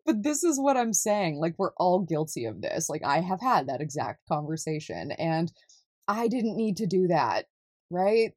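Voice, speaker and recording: A young woman from California, talking casually in a solo podcast, chatty and quick to laugh at herself. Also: fairly high pitch, darkish tone, dry recording, studio quality. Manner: chatty, laughs often, self-deprecating.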